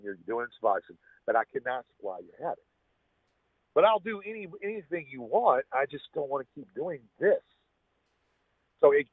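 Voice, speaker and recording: A man with a husky voice, a podcast guest telling a personal story in a rambling way, restarting his sentences often. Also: mid-range voice, dry recording. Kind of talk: casual storytelling. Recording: tinny, phone-like dry sound.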